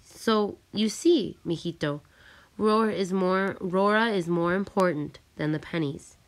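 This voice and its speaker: Gentle patient mom voice, soft and soothing, a bit higher and lower-set, woman reading her. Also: a little slow. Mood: tender. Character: tender, patient mother of young children.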